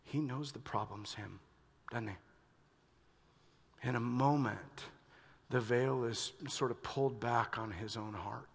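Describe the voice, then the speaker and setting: A male pastor preaching a sermon, moving between hushed reflection and loud, urgent emphasis. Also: medium pitch, slow, vocal fry, breathy edge. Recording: long reverb of a large hall.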